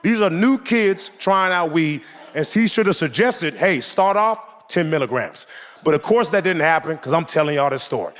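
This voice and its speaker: A young man doing a stand-up comedy routine, telling a story with animated delivery and acted-out voices on a club stage. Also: on the high side, moderate pace. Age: 20s.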